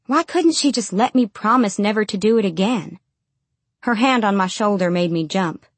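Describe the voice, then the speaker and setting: A woman narrating first-person fiction in a measured, steady storytelling manner. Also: mid-range voice, dry recording. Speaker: audiobook narrator.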